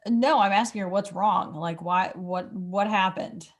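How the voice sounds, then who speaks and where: A woman's voice: mid-range voice, measured pace. Chatty woman game player. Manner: chatty, asking questions. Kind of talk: casual table talk in a role-playing game.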